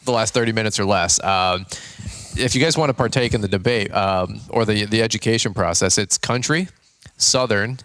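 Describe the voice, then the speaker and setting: A man's voice: on the low side, moderate pace, fairly bright tone, dry recording. A man hosting a podcast in casual chat, joking and laughing often, with lots of fillers and restarts. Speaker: podcast host.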